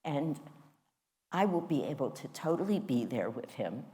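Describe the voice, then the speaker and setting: A woman's voice: extremely low pitch, sing-song, normal speed, warm tone. A woman teaching a spiritual class, telling a personal story in a candid, self-mocking way.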